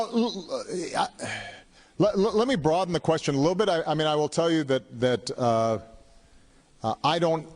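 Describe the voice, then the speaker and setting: A man in his fifties talks to an audience at a town hall in a big hall. He speaks slowly and with care, pausing and repeating words while he works through an answer. His pitch sits in an ordinary middle range. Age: 50s. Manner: halting, measured, repeats words while thinking.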